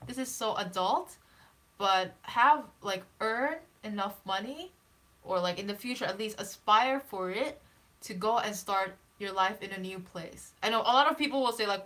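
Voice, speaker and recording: A woman guest on a casual live stream, offering encouragement in a halting, heartfelt way. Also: medium pitch, fairly bright tone.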